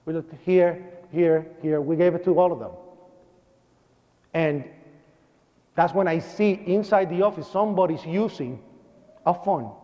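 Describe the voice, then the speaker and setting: Animated Puerto Rican man in echoing hall. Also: a little high, unhurried, long pauses. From Puerto Rico. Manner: animated storyteller acting out dialogue. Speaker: speaker. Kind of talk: personal testimony speech. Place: church hall. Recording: dull broadcast audio with long hall reverb.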